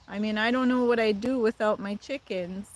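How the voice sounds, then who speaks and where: A chatty woman with a Midwestern accent hosts a casual livestream. Her pitch sits in a middle range, neither high nor low. She reads viewer comments and answers them with easy laughter. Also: normal speed. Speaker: livestream host. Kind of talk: casual live chat with viewers.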